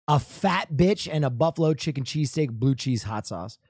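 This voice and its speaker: A young man from New Jersey riffs over a show he is watching, cursing freely and laughing as he rambles. His voice sits at an ordinary pitch and sounds dry and close, with no room around it. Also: lively intonation, normal speed, a little mellow, no room sound. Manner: loose, profane, laughing, rambling. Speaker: commentator reacting to a show. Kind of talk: casual reaction chat.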